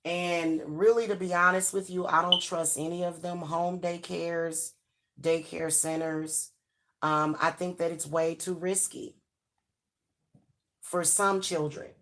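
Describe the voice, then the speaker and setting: Speaking slowly in a lowish, fairly bright voice with little pitch movement, a middle-aged channel host offers frank parenting advice to camera. The talk is casual and chatty, scattered with fillers and restarts.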